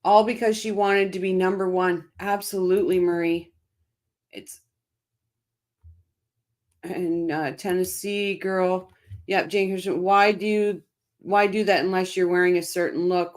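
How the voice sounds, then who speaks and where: A woman's voice: on the low side, flat delivery, a little slow. A woman hosting a casual live-stream, reading out viewer comments by name and answering them with emphatic, impassioned commentary, often repeating her phrases.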